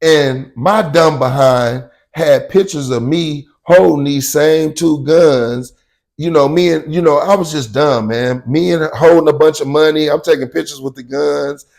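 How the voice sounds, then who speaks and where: In a casual, slangy way, a man tells a story from his own life, repeatedly tossing in "you know what I'm saying" and loudly acting out quotes that were shouted. His voice sits fairly high, with vocal fry, and he takes his time.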